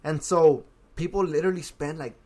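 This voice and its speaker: A man's voice: a little high, a little fast, a little mellow. A young man co-hosting a casual podcast, asking questions and saying bro a lot. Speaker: podcast co-host.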